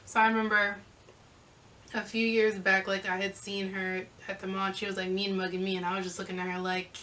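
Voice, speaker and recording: A young woman vlogger telling a casual storytime, sassy and animated as she acts out the back-and-forth. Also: medium pitch, fairly quick, far from the mic, a little hiss or hum, poor audio.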